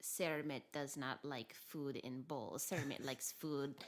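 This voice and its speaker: A woman putting on a slow deadpan dog voice. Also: extremely low pitch, voice pushed down. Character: deadpan dog persona in slow broken speech. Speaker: podcast co-host.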